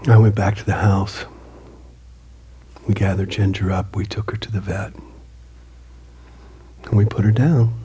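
A man and author giving an earnest storytelling talk, often dropping his voice to a hushed near-whisper. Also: on the low side, level tone, a little slow, long pauses, slight background noise. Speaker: motivational speaker and author.

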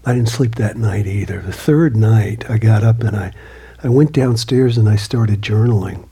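In a very breathy, husky voice on the low side, a motivational speaker and author earnestly recounts a personal story to his audience at normal speed. The tone is warm and mellow, and he often falls into a hushed near-whisper.

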